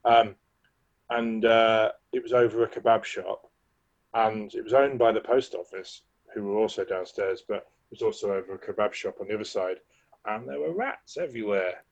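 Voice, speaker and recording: A man from England co-hosts a casual podcast, telling a story in a rambling way. He often stops to correct himself and chuckles along the way. His voice sits on the low side for a man. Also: moderate pace, muffled recording. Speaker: podcast co-host.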